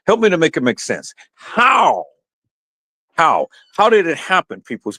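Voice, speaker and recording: Man, live-stream rant, impassioned, repetitive, animated pitch. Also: unhurried. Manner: impassioned, repetitive, addresses viewers as "peoples". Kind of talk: ranting live-stream commentary.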